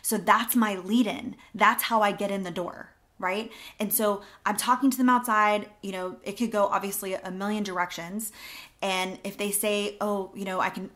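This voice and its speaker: Woman, 30s, real estate coach; casual, chatty delivery with lively acted-out script lines. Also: mid-range voice. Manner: animated, chatty, acts out door-knocking lines. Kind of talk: casual teaching monologue.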